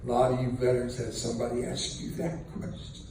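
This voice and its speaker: A man's voice: medium pitch, monotone, brisk, a little mellow. Older man telling stories in an echoey room. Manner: folksy, joking, chuckling through lines. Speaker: speaker telling his war story. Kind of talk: storytelling talk to an audience. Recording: very echoey room, distant mic, faint noise.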